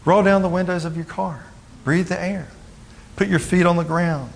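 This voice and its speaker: A man giving a sermon as pastor, talking in a loose, conversational way with jokes and quick acted-out voices of other people. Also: on the high side, creaky.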